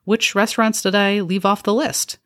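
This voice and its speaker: A woman's voice: mid-range voice, flat delivery, moderate pace, a bit bright, dry recording. Woman narrating with dry wit. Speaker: podcast host. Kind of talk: scripted narration.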